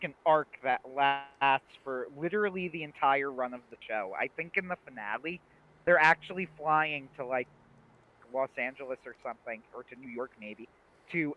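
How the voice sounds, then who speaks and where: A man co-hosting a livestream in casual chat, retelling scenes with lively acted-out quotes. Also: medium pitch. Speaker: livestream co-host. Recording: dull lo-fi stream audio.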